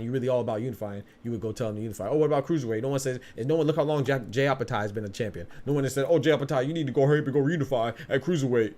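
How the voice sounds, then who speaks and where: A man hosts a boxing podcast on his own, talking casually in a medium-pitched, slightly mellow voice. His conversational style is loaded with streetwise slang, and he tends to repeat phrases.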